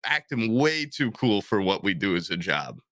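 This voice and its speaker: Lively, bright-voiced rambling male storyteller. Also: fairly low pitch, normal speed, no echo. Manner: rambling storyteller, acts out quotes in shifting voices, swears often. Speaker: podcast co-host. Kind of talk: casual chat.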